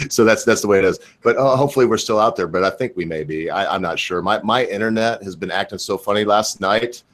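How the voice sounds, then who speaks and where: A man's voice: on the low side, fairly quick, fairly bright tone, slight background noise. A man with a Southern American accent hosting a casual livestream, rambling and restarting as he rants heatedly. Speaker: stream host.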